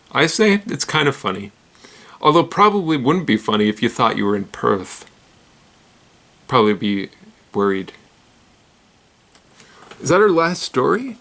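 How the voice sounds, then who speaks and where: A man's voice: on the low side, a bit bright. Rambling, giggly man hosting weird news. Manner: rambling, giggly, self-deprecating. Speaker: host. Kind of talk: casual news roundup.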